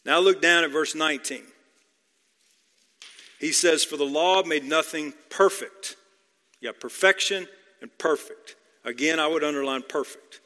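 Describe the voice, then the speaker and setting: A man preaching a verse-by-verse sermon, his voice bright and forceful as it rings through a large church hall. He drives his points home by repeating phrases and asking the congregation questions. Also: a little high, measured pace, pauses often. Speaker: pastor. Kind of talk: expository sermon. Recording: long hall reverb.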